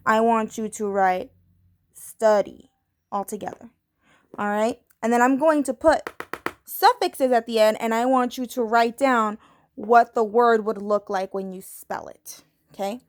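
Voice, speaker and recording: A young woman teaching a recorded spelling lesson to third graders, playful and self-mocking, spelling words out slowly letter by letter. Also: fairly high pitch, fairly even intonation.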